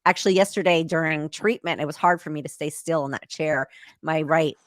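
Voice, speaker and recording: A woman's voice: deep voice, brisk, dry recording, clean studio sound. A woman talking openly and matter-of-factly in casual chat, easygoing in tone. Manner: open, matter-of-fact, easygoing. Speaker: podcast host.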